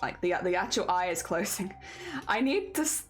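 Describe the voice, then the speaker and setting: Chatty woman streamer, animated pitch. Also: moderate pace, faint music behind. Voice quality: coughing, a little congested. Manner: chatty, talks herself through each step, greets viewers. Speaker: streamer rigging a vtuber model. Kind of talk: casual live-stream talk while working.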